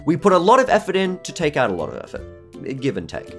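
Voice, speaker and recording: Lively young Australian man presenting. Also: a little high, fairly quick, vocal fry. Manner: rambling, frequent restarts, laughs at himself. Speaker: presenter of an online lecture. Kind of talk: casual livestream presentation. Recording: faint background music.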